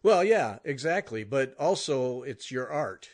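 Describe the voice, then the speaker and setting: A man hosting an interview podcast, speaking in a halting way with many restarts while complimenting his guest. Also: mid-range voice, very animated. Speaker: podcast host. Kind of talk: casual interview chat.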